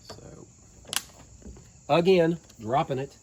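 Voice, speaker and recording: A man with a Southern Appalachian accent and a mellow, mid-range voice talks viewers through a boat repair, working outdoors beside a boat on the ground. He's a DIY boat-repair vlogger, folksy and joking, with lively intonation, a slightly slow pace and frequent pauses, in casual how-to narration. A little hiss or hum sits under the recording.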